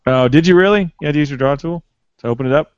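A man's voice: on the high side, very fast, clear, resonant tone, no room sound, muffled recording. A man hosting a casual cigar review chat, teasing his guests and keeping the talk moving. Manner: easygoing, teasing, moves the talk along. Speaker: host.

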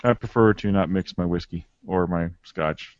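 A man's voice: low-pitched, moderate pace, a little mellow, no room sound, muffled recording. A man hosting a casual cigar review chat, teasing his guests and keeping the talk moving. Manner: easygoing, teasing, moves the talk along. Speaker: host.

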